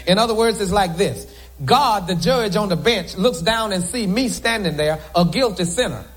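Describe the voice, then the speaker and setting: A man's voice: high voice, lively intonation, normal speed. A man preaching a sermon to a congregation from the pulpit, with joking asides to the crowd. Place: church sanctuary.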